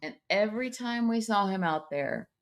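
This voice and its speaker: A woman chiming into a shared story in casual chat, talking in halting restarts. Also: mid-range voice, animated. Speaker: podcast co-host.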